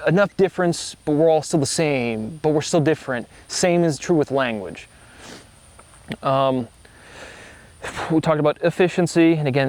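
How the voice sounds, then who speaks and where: A man giving a meandering, self-assured monologue to his video audience, often trailing off, restarting and spelling out syllables. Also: mid-range voice. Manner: spells out words and syllables to make points. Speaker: vlogger. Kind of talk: rambling monologue to camera.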